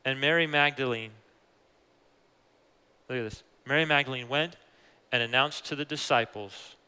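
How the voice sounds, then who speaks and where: A man preaching a sermon with animated emphasis, often rising to exclamations. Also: medium pitch, normal speed, clean tone. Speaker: pastor. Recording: long hall reverb.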